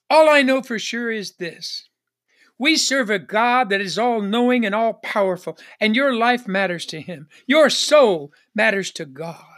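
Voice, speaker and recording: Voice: mid-range voice, fairly bright tone. A pastor delivering a broadcast sermon, repeating refrains and calling for an amen. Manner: repetitive preaching refrains, calls for amen. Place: Northern Arizona church ministry.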